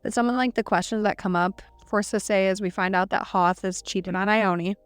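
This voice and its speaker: This podcast co-host talks fairly quickly in a clean, medium-pitched voice with a steady tone and no echo. In a relaxed book discussion, she recaps the novel's scenes, leaning heavily on "like" and quoting characters along the way.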